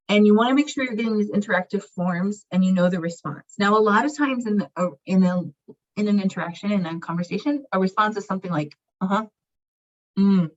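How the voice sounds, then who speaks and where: A woman with a somewhat husky voice presents a talk on language teaching. She explains in a relaxed, conversational way and slips into short acted example phrases. The recording is muffled and lo-fi. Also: medium pitch.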